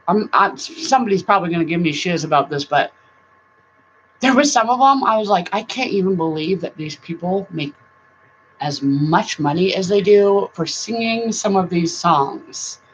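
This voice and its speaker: A middle-aged woman hosting a casual live-stream chat, rambling warmly, laughing often and now and then breaking into song. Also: on the low side. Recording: dull lo-fi sound with faint noise.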